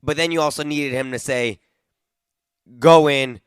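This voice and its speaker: A man's voice: on the high side, brisk, a bit bright, clear, resonant tone, no room sound. A man hosting a podcast who sums up his guest's story and praises him in a casual, encouraging way. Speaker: podcast host. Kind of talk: casual interview chat.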